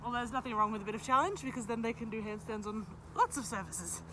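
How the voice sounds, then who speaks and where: In a noisy outdoor recording, a dog trainer with a voice on the high side talks fast while casually explaining a dog trick. She breaks off to praise her dogs and cue them, using beeping cues.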